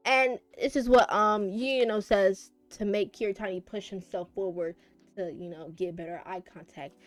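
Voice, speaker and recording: A woman recapping a romance manga on her channel, casual and profane, gushing and swinging between loud and soft. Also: medium pitch, steady tone, normal speed, no room sound, soft background music. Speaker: manga reviewer.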